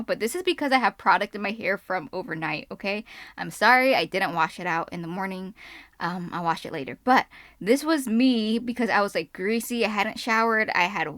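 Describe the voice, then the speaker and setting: A young woman vlogger telling a story to her camera indoors, excitable, a bit jittery, fast and messy, trying not to sound out of breath. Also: medium pitch, dry recording, studio quality. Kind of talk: casual storytime. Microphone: camera mic.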